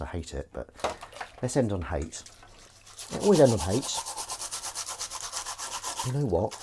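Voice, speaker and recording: A man's voice: on the low side, very animated, measured pace, long pauses, background noise. A man hosting a live stream as he washes up, rambling and joking at his own expense and swearing casually. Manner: jokey, self-mocking, chatty, swears casually. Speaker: livestream host. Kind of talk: rambling live-stream chat while washing up.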